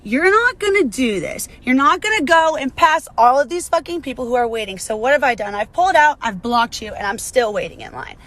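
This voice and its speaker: A high-voiced woman tells off another driver from behind her wheel, swearing as she goes. Her tone is scolding and angry, recorded inside the car. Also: animated, brisk, hardly any pauses, a bit bright.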